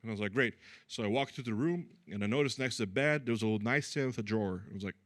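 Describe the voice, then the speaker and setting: A man's voice: fairly low pitch, very fast, a bit bright, no room sound, studio quality. A man from Brazil doing a chatty, self-deprecating stand-up comedy set, acting out the people in his stories. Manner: chatty, self-deprecating, acts out quoted voices.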